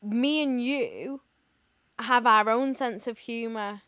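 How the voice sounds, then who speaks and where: A woman's voice: fairly high pitch, slow, a bit bright, clear, resonant tone, no room sound, clean studio sound. A young woman co-hosting a casual podcast, bubbly and jokey, often giggling. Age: young adult. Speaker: podcast co-host.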